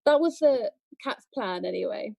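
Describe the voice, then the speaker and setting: Brief: female quiz co-host, gravelly mellow tone, dry close sound, chatty. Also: fairly high pitch, lively intonation, normal speed, no room sound. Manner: chatty, explains rules, laughs easily. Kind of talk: casual quiz hosting.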